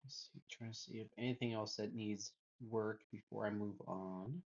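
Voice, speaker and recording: A man's voice: fairly low pitch, fairly even intonation, moderate pace, gravelly, a little mellow, dull audio. A man streaming himself drawing, muttering to himself as he works and chatting with viewers. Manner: mutters to himself while working, then greets chat. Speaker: illustration livestreamer. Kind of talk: casual chat while drawing on stream.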